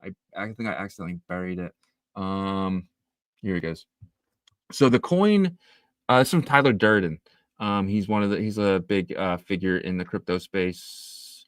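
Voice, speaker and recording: A man's voice: low voice, animated, moderate pace, no room sound, clean studio sound. A man co-hosting a casual crypto livestream, reading news and viewer comments aloud with lots of fillers. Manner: reads tweets and news aloud with frequent fillers. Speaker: livestream co-host.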